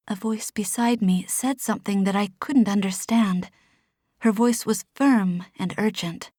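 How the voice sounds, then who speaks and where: A woman narrating a first-person fantasy novel in a soft, hushed, measured voice. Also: mid-range voice, dry recording, studio quality. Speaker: audiobook narrator.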